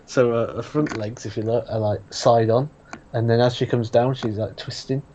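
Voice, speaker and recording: A man's voice: mid-range voice, steady tone, moderate pace, a little mellow, dull audio, slight background noise. A man hosting a casual live watch-along stream, chatting easily and thanking viewers for their donations. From England. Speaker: host.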